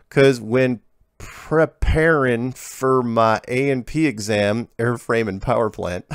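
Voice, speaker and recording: A man's voice: medium pitch, clear, resonant tone, no room sound, studio quality, voice pushed up, natural voice. Man putting on a cranky old country drawl. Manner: slow folksy country drawl, ungrammatical. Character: cranky retired old rural man, folksy.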